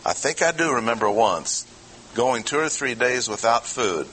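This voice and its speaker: Bright-voiced man preaching conversationally. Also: medium pitch, animated, normal speed, slight background noise, poor audio. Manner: conversational, asks the audience questions. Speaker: pastor. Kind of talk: expository sermon.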